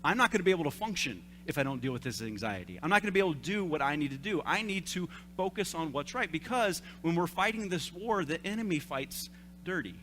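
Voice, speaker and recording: A man in his thirties, a young adults pastor, giving a conversational sermon with animated, self-deprecating stories. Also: on the high side, a little hiss or hum. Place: church service.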